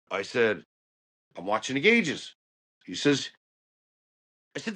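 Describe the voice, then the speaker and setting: A man telling stories about working on ships in a casual, animated way. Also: medium pitch, unhurried, long pauses, breathy edge. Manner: animated storyteller who acts out quotes. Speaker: guest, ship engineer. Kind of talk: casual storytelling chat.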